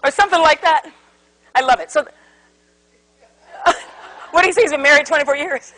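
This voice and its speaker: Speaking at normal speed in a high, somewhat bright voice with long pauses, a woman gives an interactive seminar talk on conflict resolution to a live audience. She tells stories animatedly, acts out quotes and asks the room questions. The recording is rough.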